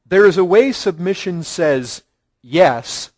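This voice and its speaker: Male preacher, high voice, dry close sound; earnest, emphatic sermon delivery with repetition. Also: unhurried, pauses often, no echo. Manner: earnest preaching with rising emphasis and repeated phrases. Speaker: pastor.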